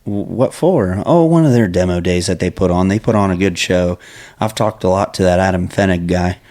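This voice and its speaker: Deep-voiced laid-back man. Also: brisk, darkish tone. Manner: laid-back, short agreeing replies. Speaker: co-host. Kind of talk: casual chat.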